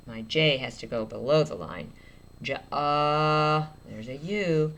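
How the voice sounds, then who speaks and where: Woman teacher, writing lesson for small children, low voice, stretches out word sounds, encouraging. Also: a little hiss or hum. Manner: sounds out words slowly while writing; gentle encouraging teacher talk.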